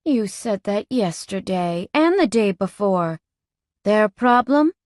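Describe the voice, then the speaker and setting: A woman voicing a brash, jealous young biker woman with a sharp, sneering manner. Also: medium pitch, expressive, slow, no echo, studio quality.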